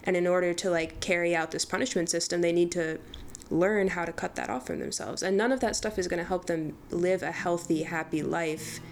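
A woman co-host thinking aloud thoughtfully, building her point slowly. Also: lowish voice, gravelly, a little hiss or hum. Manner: thoughtful, searching, slow build. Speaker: podcast co-host. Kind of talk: reflective commentary.

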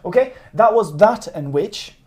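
A man tutoring in a casual lesson, patient and playful, slowing down and repeating words to demonstrate. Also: sits high, lively intonation, a little mellow. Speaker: Chinese tutor. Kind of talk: casual one-on-one language lesson.

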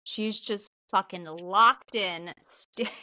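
A woman's voice: medium pitch, extremely slow, pushed and bright, no echo. A woman co-hosting a podcast, recapping a movie in casual, chatty talk with plenty of fillers and some swearing. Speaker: podcast co-host.

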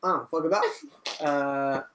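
A guest in a casual chat, animated and laughing, swearing freely and acting out their own reactions. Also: medium pitch, unhurried, slight background noise.

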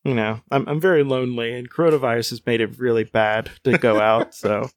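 A man's voice: mid-range voice, steady tone, brisk, no echo. A man reading a choose-your-own-adventure book aloud, with playful asides, frequent laughs and casual chat. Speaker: reader of a gamebook.

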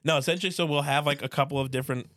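A young man co-hosting a podcast, joking and swearing casually in relaxed chat. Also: a little high, rapid-fire, no room sound, studio quality. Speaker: podcast co-host.

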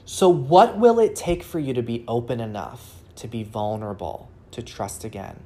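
A woman with a low, grounded voice talks through relationship advice on her own show. She coaches earnestly, often pausing to ask the listener rhetorical questions. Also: lively intonation, dark tone. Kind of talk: solo advice talk.

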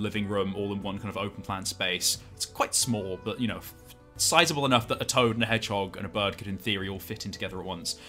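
A man's voice: fairly low pitch, bright, forceful tone. A man narrating as game master of a tabletop role-play game, describing scenes in a rambling, casual way with many fillers.

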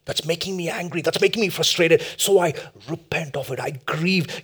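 A man preaching a sermon as pastor, impassioned, repeating his phrases and dropping to a hushed tone for prayer. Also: a little high, moderate pace, hardly any pauses, husky.

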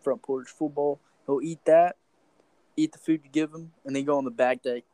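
A young man hosting a podcast in casual chat, laid-back, cursing casually and tossing in quick reactions. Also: a little high, steady tone, dark tone, no room sound, rough recording. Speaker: podcast host.

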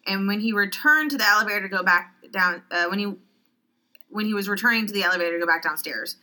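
A woman's voice: medium pitch, quick pace, sharp tone, low-quality recording. A woman co-hosting a casual chat podcast, blunt and sarcastic, swearing as she talks. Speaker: podcast co-host.

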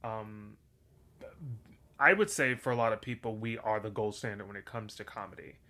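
Bright-voiced man rambling in casual chat. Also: lowish voice, moderate pace. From Texas and Louisiana. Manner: rambling, joking, lots of fillers. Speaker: podcast co-host.

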